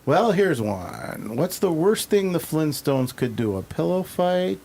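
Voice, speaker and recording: A man's voice: on the high side, sing-song, unhurried, vocal fry, a little mellow, slightly rough. A man hosting an interview in casual chat, rambling and laughing at his own jokes. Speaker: host.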